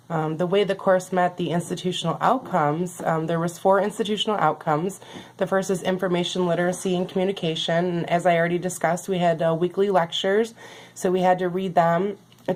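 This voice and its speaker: A young adult woman student giving a recorded class reflection, earnest and halting with many pauses, losing her voice. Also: fairly low pitch, a little mellow.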